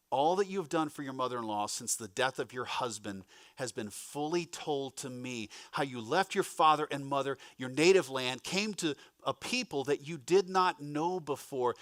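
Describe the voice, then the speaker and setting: A man's voice: fairly high pitch, a bit bright, no echo, clean studio sound. A male pastor giving a conversational sermon, breaking off for asides to the congregation. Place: church.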